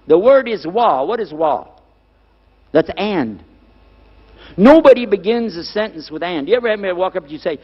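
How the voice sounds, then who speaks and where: A man's voice: fairly high pitch, animated, normal speed. A man preaching on scripture to a live audience, stressing key words again and again and asking his listeners questions. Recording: dull lo-fi recording with long hall reverb.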